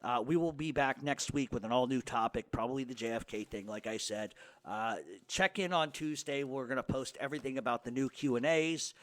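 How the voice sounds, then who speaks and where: A man hosts his radio show, reading out hate mail and answering it with crude, mocking put-downs. His voice sits at an ordinary middle pitch. The recording is dry and close, with no room sound. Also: fairly quick, hardly any pauses, no echo. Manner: profane, mocking, combative.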